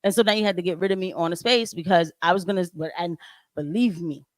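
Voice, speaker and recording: A woman's voice: lowish voice, fast talker, no echo. A woman vlogger telling a story in a casual rant, laughing often and acting out what people said. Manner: animated retelling that acts out quoted voices, laughing often.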